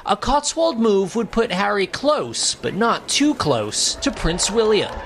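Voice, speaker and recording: High-voiced male news correspondent. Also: fairly bright tone, slight background noise. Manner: measured, formal reporting. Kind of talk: scripted news report voice-over.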